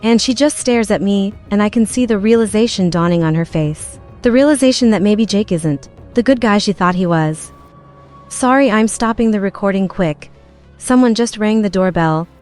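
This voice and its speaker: A woman's voice: mid-range voice, moderate pace, a little mellow. A woman telling a personal story in the first person, in a plain, run-on retelling style, with faint music behind.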